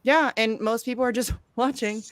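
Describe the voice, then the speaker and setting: A woman's voice: a little high, steady tone, normal speed, fairly bright tone, dry recording, studio quality. A woman in casual activist chat, blunt and profane, talking with indignant conviction.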